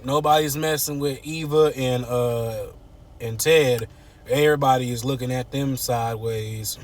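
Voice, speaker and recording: A man giving an animated, slangy casual recap of a TV series while sitting in his car. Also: mid-range voice, slight background noise. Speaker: TV series reviewer. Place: inside a parked car at night.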